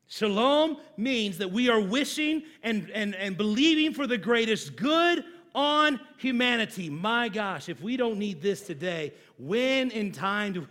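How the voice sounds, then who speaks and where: Preaching in church, this male pastor runs a call-and-response, measured and unhurried until he suddenly raises his volume for emphasis. The voice is pitched high and full of expression.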